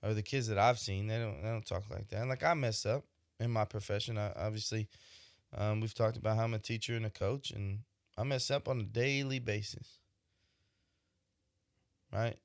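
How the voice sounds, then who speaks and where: A man's voice: on the low side, fairly even intonation, moderate pace, gravelly, pauses often, no echo. Reflective male podcast host, dry mic. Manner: reflective, conversational, frequent "right?" asides. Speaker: podcast host, expecting father. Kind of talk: casual monologue.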